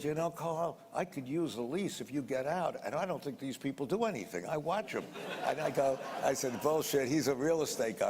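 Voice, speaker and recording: This older man's voice sits fairly high and sounds a little mellow as he's interviewed. He tells a meandering story in everyday language, using sound words again and again. Faint noise and reverberation fill the room.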